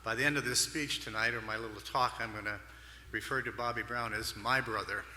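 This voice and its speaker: A man's voice: mid-range voice, steady tone, brisk, bright, forceful tone. Older Hawaiian man telling fishing stories. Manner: folksy, rambling anecdotes with fillers. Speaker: award speaker. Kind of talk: storytelling speech. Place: large banquet hall on stage. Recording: echoey hall with long reverb.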